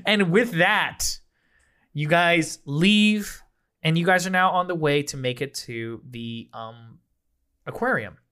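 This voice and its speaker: A man's voice: on the high side, slow, bright, forceful tone, smooth. Laughing male game master. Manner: laughs often, voices characters loosely. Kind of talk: narrating a tabletop game.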